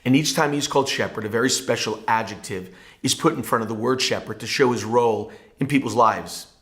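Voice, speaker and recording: A man's voice: medium pitch, fairly quick, fairly bright tone. Male pastor doing a bible devotional, earnest and punchy, regular mid voice. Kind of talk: scripted devotional teaching.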